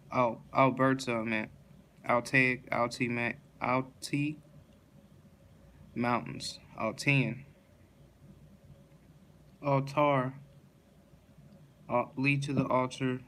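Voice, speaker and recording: A tired man reading dictionary words one after another in a flat monotone, stumbling and restarting now and then. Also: mid-range voice, a little hiss or hum. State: yawning, tired.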